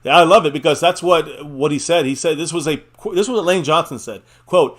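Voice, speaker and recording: A man's voice: on the high side, fairly quick, few pauses. Rambling man hosting a fan stream. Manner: loose, rambling, laughs often, swears casually. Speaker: live stream host. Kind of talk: casual sports chat.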